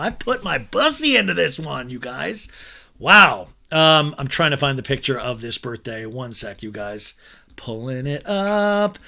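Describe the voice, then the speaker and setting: Bright-voiced man, chatty comedic recap. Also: medium pitch. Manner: chatty and crude, acting out the cast's lines in mock voices. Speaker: podcast host recapping a reality show.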